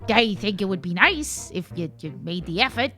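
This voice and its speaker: A woman's voice: medium pitch, expressive, moderate pace, sharp tone, faint music behind. A woman doing a fussy tiny librarian man. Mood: wounded. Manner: self-deprecating, fussy, with snippy asides. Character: tiny bespectacled male librarian, fussy and insecure.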